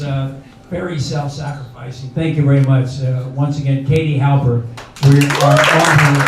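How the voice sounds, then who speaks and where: An older man emcees a live benefit show, rambling in a folksy way with lots of fillers. His slightly high voice echoes around a bar, heard from far off the mic. A chattering crowd and noise fill the room behind him. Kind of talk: casual stage hosting. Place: bar venue.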